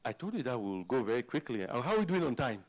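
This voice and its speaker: A man's voice: medium pitch, fast talker. A man giving a live conference presentation, engaging the audience with questions. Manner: animated, asks the audience questions. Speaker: conference speaker.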